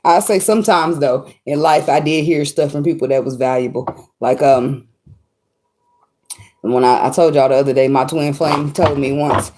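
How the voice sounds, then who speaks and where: This tarot reader speaks directly to her viewers in a casual advice vlog, blunt and full of slang, swearing freely and laughing often. Her voice is lowish and mellow, with fairly even intonation at a normal speed.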